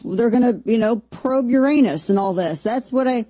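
A woman hosting a show, giving animated, mocking commentary that leaps into high excited squeals. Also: normal speed, no room sound. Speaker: host. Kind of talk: sarcastic commentary.

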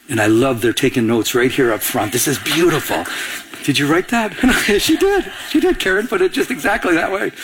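A man preaching a sermon to a live congregation as pastor, animated and asking the listeners to fill in words. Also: fairly high pitch, brisk, breathy edge. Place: church before a live congregation.

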